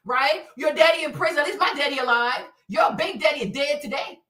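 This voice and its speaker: A woman hosting a profane live-stream rant, loud and mocking, laughing often and repeating herself. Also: high voice, animated, fairly quick, hardly any pauses, far from the mic. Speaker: show host. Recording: echoey room, away from the mic.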